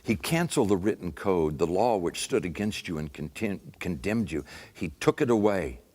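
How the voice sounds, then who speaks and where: Male actor voices a forgiving older apostle speaking gently and low; tender, fervent delivery. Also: animated, moderate pace. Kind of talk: dramatic first-person monologue.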